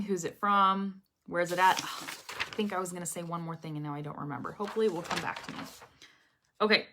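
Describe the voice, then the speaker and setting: A woman's voice: on the low side, bright, forceful tone. A woman teaching English pronunciation in a casual live lesson, repeating drill phrases over and over and often checking in with "okay?".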